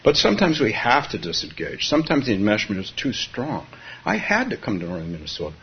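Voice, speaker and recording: A man's voice: fairly low pitch, wildly swooping pitch, quick pace, husky. A man from California giving a Zen dharma talk, musing aloud with frequent chuckles and restarts. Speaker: Zen teacher. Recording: dull lo-fi recording.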